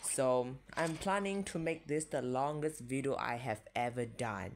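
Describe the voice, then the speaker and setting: Over soft background music, a young mobile shooter streamer talks in an unhurried way as he plays, giving casual commentary. He's jumpy, swears nonstop and yelps when startled, all on noisy, low-quality audio with heavy hiss.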